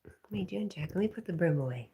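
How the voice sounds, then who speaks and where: A woman hosting a casual livestream, reading viewer comments aloud, talking to her dog and often dropping to a soft whisper. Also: lowish voice, expressive, quick pace. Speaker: livestream host.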